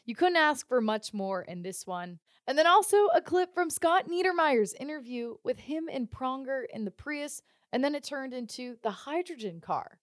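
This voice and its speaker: A woman podcast host reading a scripted episode intro in an upbeat, brisk way. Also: high-pitched, animated, no echo, clean studio sound.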